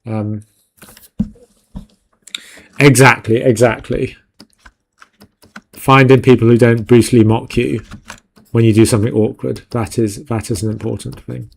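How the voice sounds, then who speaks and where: A man's voice: mid-range voice, fairly even intonation, unhurried, gravelly, pauses often. A man hosting a live stream, chatting casually and jokingly with viewers while he works, laughing often. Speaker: 3D art stream host.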